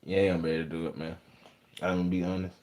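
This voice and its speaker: A man's voice: deep voice, little pitch movement, very fast, darkish tone. Boastful Texas man on a live stream. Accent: Texas Southern. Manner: boastful, rambling, slangy storytelling. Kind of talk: casual live-stream chat.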